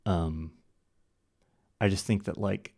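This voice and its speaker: A man's voice: deep voice, fairly even intonation, slow, creaky, darkish tone, no room sound, clean studio sound. A man hosting a casual live stream, chatting with viewers and muttering to himself as he works. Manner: chats with viewers and mutters to himself while working; many fillers and restarts. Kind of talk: casual live stream chat while editing.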